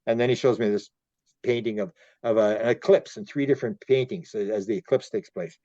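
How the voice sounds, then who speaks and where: Canadian guy telling stories on a podcast, stumbles and repeats himself, mellow voice, bit muffled. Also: lowish voice, a little fast, no room sound. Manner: rambling, repeats words, acts out quoted dialogue. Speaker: podcast guest, UFO researcher. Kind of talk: storytelling interview.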